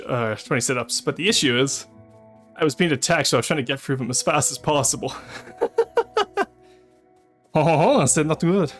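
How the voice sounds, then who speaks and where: A male streamer speaks in a medium-pitched, slightly bright voice, chatting with his audience between bursts of play and exclaiming and swearing when he gets attacked.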